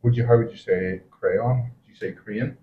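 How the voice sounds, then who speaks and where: A man's voice: mid-range voice, moderate pace, phone-quality sound. A man with a Northern Irish accent chatting casually in a group and telling anecdotes. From Northern Ireland. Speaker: podcast panelist. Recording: roomy with faint noise.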